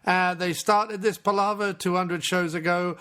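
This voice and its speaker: A man's voice: sits high, steady tone, normal speed, sharp tone, clear, resonant tone. A man hosting a podcast, chatting casually with frequent laughs and reading a listener's email aloud. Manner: easygoing, laughs often. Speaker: podcast host.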